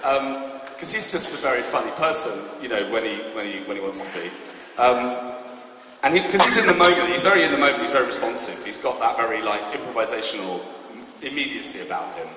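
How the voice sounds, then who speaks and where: A man in his thirties answering fan questions at a convention panel, animated and laughing often as he acts out moments. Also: mid-range voice, fast. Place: large convention hall. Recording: echoey hall from far off, noisy.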